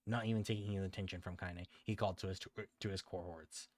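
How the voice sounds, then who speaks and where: A man reading a dark story aloud on a stream, often stumbling and correcting himself. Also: deep voice, fairly even intonation, fast talker, no room sound. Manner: frequent stumbles and self-corrections.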